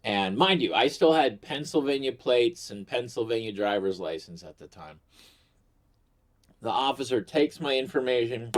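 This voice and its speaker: A man's voice: medium pitch, lively intonation, moderate pace. Profane, rambling middle-aged man. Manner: profane, rambling and self-mocking. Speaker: vlogger. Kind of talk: casual comic storytelling.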